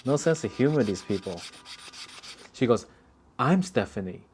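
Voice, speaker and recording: A man's voice: medium pitch, animated, moderate pace, warm tone, slight background noise. Man muttering over a workbench job. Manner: rambling, joking storyteller who mutters while working. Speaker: watch hobbyist. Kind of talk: casual work commentary. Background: faint sanding and rubbing.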